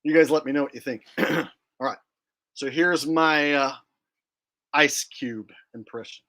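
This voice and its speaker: A man's voice: a little high, measured pace, bright, forceful tone. Brash joking man hosting a livestream. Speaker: livestream host. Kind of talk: casual livestream chat.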